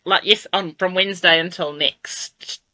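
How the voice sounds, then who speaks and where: A woman's voice: lowish voice, steady tone, measured pace, sharp tone, no room sound, rough recording. A woman with a New Zealand accent co-hosting a podcast, chatting playfully and laughing easily. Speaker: podcast co-host. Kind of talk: casual chat.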